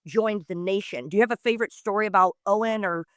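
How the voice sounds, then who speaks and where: Woman, 30s, interview host, gushing, fast-talking, dry close mic. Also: medium pitch, no room sound. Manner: gushing, quick reactions and long multi-part questions. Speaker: podcast host. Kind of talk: casual interview chat.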